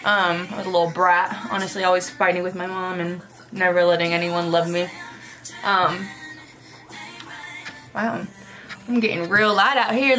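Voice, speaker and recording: A woman's voice: lowish voice, fairly even intonation, normal speed, pauses often, music in the background. A young woman vlogger chatting casually while doing her makeup, rambling and reflective, with lots of filler words. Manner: rambling, reflective, heavy use of "like".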